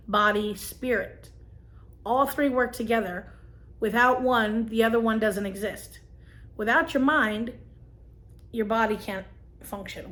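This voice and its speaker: Earnest, higher-voiced woman. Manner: earnest, gentle, emotional at times. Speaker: vlogger. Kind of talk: personal story and advice to camera.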